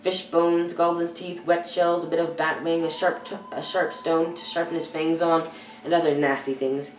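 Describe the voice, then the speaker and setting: A teenage girl reading a children's novel aloud, careful and halting, often stumbling and correcting herself. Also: low-pitched, little pitch movement, a little hiss or hum. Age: teens. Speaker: youth reader. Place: church hall. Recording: echoey room, far from the mic.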